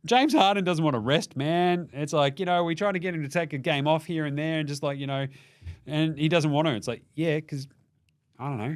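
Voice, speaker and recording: An Australian-accented man hosts a loose basketball recap. He swears freely and jokes his way through the results. His voice sits a little high and swings up and down a lot. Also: dry recording, clean studio sound. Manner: profane, animated, jokey rant. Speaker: basketball show host. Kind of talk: casual sports recap.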